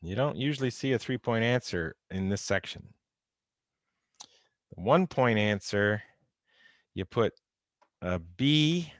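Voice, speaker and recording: A man's voice: on the low side, animated, slow, pauses often, no room sound. A man giving an informal, wry recorded chemistry lecture, going over exam answers and talking straight to his students. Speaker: chemistry instructor. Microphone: close computer mic on a video call recording.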